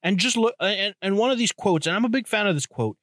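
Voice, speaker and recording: A man's voice: high voice, animated, fast talker, a bit bright, no echo, studio quality. A young man hosting a solo podcast, talking loosely and bluntly with lots of restarts and crude asides. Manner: loose, rambling and profane, with many restarts and "you know". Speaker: podcast host. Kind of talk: casual solo podcast monologue.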